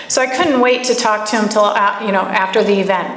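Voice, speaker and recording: A woman's voice: mid-range voice, brisk, fairly bright tone. A woman giving a live talk to an audience, telling stories and asking the room pointed questions. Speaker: speaker at a camp gathering. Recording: echoey room with faint background noise.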